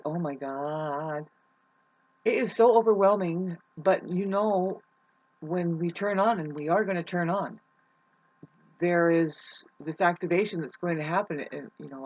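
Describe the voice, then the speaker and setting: Rambling, excitable woman with a husky voice. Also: lowish voice, muffled recording. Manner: excitable, rambling, swings from loud outbursts to mutters; swears casually, many restarts. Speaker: vlogger. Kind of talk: rambling spiritual monologue.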